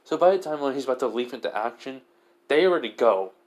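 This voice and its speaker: A man's voice: mid-range voice, animated, fast talker, darkish tone. A young man improvising a fan story aloud, rambling with many fillers.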